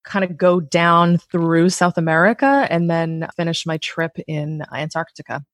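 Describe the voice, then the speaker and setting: A woman in her thirties, a podcast guest, talking in a chatty, animated way with lots of "like.". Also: lowish voice, a little slow, no room sound. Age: 30s. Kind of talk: casual interview chat. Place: Maui, Hawaii.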